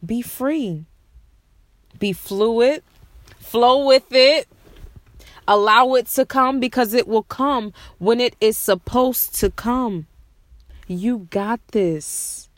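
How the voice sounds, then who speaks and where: Woman, podcast host, unhurried heartfelt affirmations, emotional at times, raised pitch, dry close sound. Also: no echo. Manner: slow, repetitive, soothing affirmations. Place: outdoors at night.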